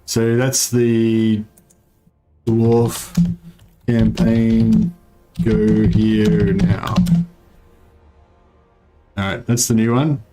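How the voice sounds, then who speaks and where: A man's voice: on the low side, flat delivery, drawn-out words, pauses often, over music. A man streaming a game live, chatting casually and rambling, with many fillers as he reads his chat aloud.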